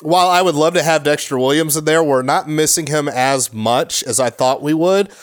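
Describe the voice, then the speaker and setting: Male podcast co-host, 30s, slightly high voice, dry close mic, animated and profane. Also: moderate pace, no room sound. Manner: animated, swears, acts out quotes. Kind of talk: casual sports chat.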